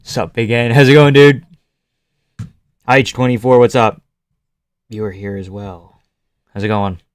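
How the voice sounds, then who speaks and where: Guy live-streaming fight reactions, swears a lot, chats with viewers, smooth voice, dry close mic. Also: mid-range voice, fairly even intonation, unhurried, no room sound. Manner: loose, profane, chatty, greets chat by name. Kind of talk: casual live-stream commentary.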